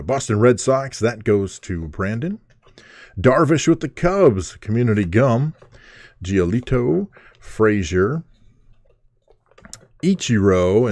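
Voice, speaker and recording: Man, card break host, live stream commentary, gushing over pulls, fairly low voice, dry sound. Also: dry recording. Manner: excitable, gushing over pulls, filler-heavy; calls out cards and owners in a running list.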